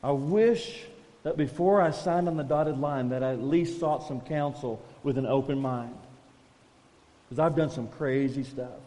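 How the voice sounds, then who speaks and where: A man's voice: medium pitch, measured pace, dark tone, big-room sound. A man preaching a conversational, self-deprecating sermon as a pastor, calling his listeners folks.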